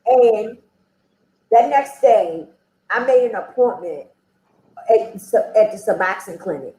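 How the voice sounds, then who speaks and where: A woman's voice: medium pitch, animated, takes it slowly, mellow. A woman frankly telling her own story as an interview guest, in a loose, conversational way. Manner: frank, conversational, with frequent "you know". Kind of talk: candid personal storytelling. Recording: roomy echo.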